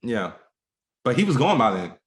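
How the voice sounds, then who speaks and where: A man's voice: mid-range voice, sing-song, normal speed. A man co-hosting a podcast, chatting casually with fillers and restarts, speaking straight to his listeners. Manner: rambling, full of fillers, trails off softly; talks to listeners directly. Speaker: podcast co-host. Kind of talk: casual chat.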